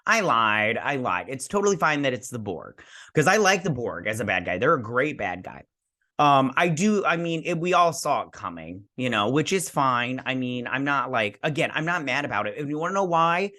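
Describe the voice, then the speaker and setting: Excitable rambling male TV reviewer. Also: medium pitch, moderate pace. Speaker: TV show reviewer. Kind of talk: casual spoiler review.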